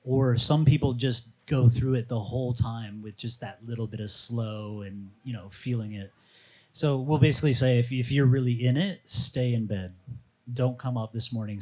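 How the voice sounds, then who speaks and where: A man speaking as a fasting coach on a live panel, telling stories in a casual, animated way and acting out the voices of people he quotes. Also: mid-range voice. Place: outdoor or open venue at a live panel.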